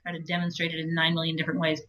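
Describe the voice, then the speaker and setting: A woman with a low voice, an audiobook narrator talking through her approach in a chatty, explanatory interview. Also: monotone, racing, a bit bright, poor audio. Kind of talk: conversational interview.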